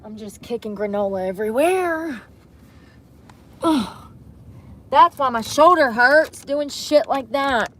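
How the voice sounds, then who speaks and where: A young woman, chatting casually to camera from inside a vehicle, often dropping to soft mutters. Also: high-pitched, animated, slow, pauses often, a little hiss or hum. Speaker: vlogger. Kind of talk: casual vlog talk to camera. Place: inside a vehicle bed at night.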